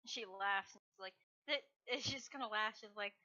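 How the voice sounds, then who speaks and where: A woman's voice: medium pitch, normal speed, pushed and bright, lo-fi sound. A woman player in a tabletop game, describing her character and giving sassy in-character retorts. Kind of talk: tabletop role-play, in and out of character.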